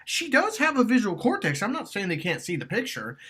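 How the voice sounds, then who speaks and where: Animated, emphatic male dating coach. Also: high voice, brisk. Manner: emphatic, swears, acts out quotes loudly.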